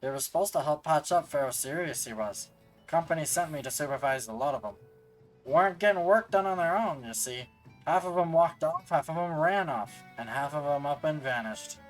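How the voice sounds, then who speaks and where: A streamer voicing a gruff older dockside foreman, reading game dialogue in a rough, folksy, grumbling way, over faint music. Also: mid-range voice, expressive, brisk, natural voice, poor audio.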